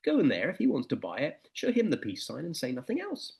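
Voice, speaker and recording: A man voicing a calm father advising his teenage son in a spoken story. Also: fairly high pitch, fairly quick, vocal fry, exaggerated voice. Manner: calm, instructive.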